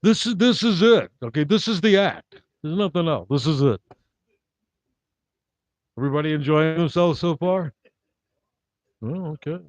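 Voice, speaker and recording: A man doing live-streamed stand-up comedy, delivering wry, rambling one-liners in a deadpan manner. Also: fairly high pitch, moderate pace, pauses often, no echo. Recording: dull dry lo-fi recording.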